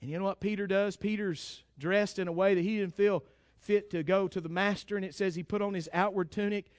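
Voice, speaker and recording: A man's voice: high voice, fairly even intonation, a little fast, clear, resonant tone, no room sound, studio quality. A man preaching a sermon with fervent emphasis, calling out to his congregation for amens.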